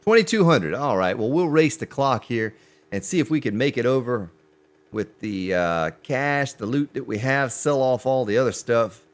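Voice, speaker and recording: A man streaming a survival game live, chatting with his viewers as he plays. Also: normal speed. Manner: animated, pitch jumps on exclamations. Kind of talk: live gameplay commentary.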